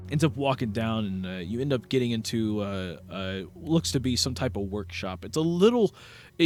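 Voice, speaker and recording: A young man narrating as game master of a tabletop game, rambling with lots of fillers and restarts. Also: mid-range voice.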